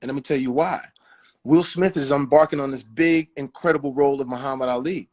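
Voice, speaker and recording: A man as a guest on a livestream chat, telling animated stories and acting out the people in them. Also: medium pitch, a little fast. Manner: animated storyteller, acts out others. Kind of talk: casual storytelling chat on a livestream.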